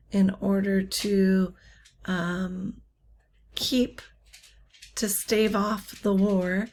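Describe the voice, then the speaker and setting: With a medium-pitched voice, a literature teacher lectures without a script. She halts often, filling gaps with um and uh, and drops in wry, casual comments.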